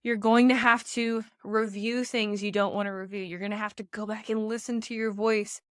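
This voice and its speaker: A woman's voice: medium pitch, moderate pace, smooth, no echo, studio quality. A young woman and pageant coach giving emphatic podcast advice, addressing listeners directly, heavily pregnant and a little out of breath. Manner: energetic, emphatic, addresses listeners as "you guys".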